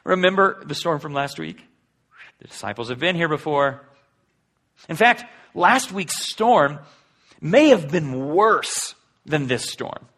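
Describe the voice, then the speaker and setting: A man preaching a sermon in a conversational way, asking the listeners rhetorical questions and swinging between loud and hushed delivery. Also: on the high side, sing-song, takes it slowly. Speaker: pastor.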